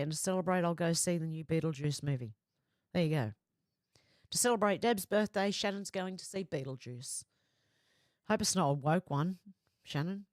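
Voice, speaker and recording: A woman's voice: medium pitch, dry recording, clean studio sound. A woman hosting a livestream in casual chat, reading viewer comments aloud and answering them, often laughing. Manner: reads comments aloud and chats back, often breaking into laughter.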